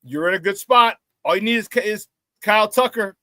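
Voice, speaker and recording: A man hosting a casual sports talk show, telling stories excitedly with many restarts and repeated words. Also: high voice, normal speed, no room sound.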